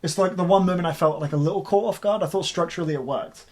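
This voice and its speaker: Brief: male podcast co-host, quick and slightly high-voiced, blunt and profane. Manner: fast, blunt, swears often, many "like" fillers. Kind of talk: casual music review chat.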